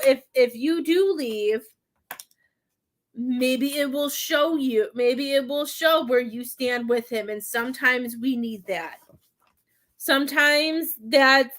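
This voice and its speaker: A woman doing a psychic reading from home, with halting, repetitive speech that gives gentle advice. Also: high voice. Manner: halting, repeats words, soothing advice. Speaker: psychic medium. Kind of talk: live-stream spirit reading.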